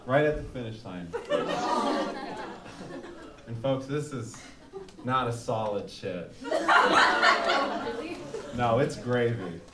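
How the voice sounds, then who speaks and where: A man's voice: mid-range voice, slow pace, long pauses, a loud crowd. A man doing live stand-up comedy, telling a rambling, profane, self-mocking story to an audience. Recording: echoey room, from far off, loud noise. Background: audience laughter.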